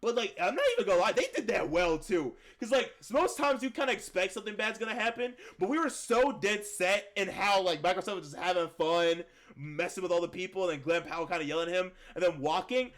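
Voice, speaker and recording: A young man co-hosting a film review chat, rambling and slangy, saying "like" constantly and getting excitable. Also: sits high, fast. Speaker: podcast co-host reviewing a film. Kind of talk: casual chat.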